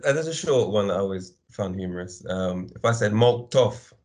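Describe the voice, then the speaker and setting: A man chatting as a guest, speaking hesitantly and thoughtfully with many pauses. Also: sits low, animated. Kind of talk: casual chat.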